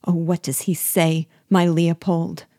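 A woman's voice: fairly low pitch, little pitch movement, takes it slowly, dark tone, no room sound, studio quality. A woman reading the part of a terrified young wife who pleads in anxious, faint questions. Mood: pleading.

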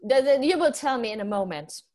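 A woman's voice: on the high side, lively intonation, fairly quick, a little mellow. A woman co-hosting a conference, casually walking through the schedule in an orderly way. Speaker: conference co-host. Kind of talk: casual chat.

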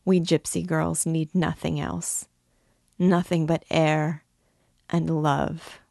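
A woman's voice: deep voice, level tone, takes it slowly, creaky, warm tone, no room sound, studio quality, heavily acted. Woman reading as a lovestruck young gypsy girl. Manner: pleading, lovestruck.

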